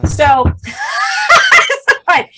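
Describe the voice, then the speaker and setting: Animated high-voiced woman comedian. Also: drawn-out words, raised voice, very noisy. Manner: animated, acts out quotes, laughs often. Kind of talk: stand-up storytelling. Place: home video call. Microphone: video call.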